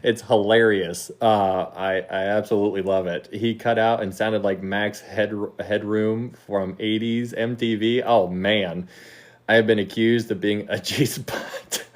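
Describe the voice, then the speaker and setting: A young man from Alabama, hosting a casual livestream, animated and laughing as he reacts to chat. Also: fairly low pitch, a little slow. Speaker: livestream host reading chat.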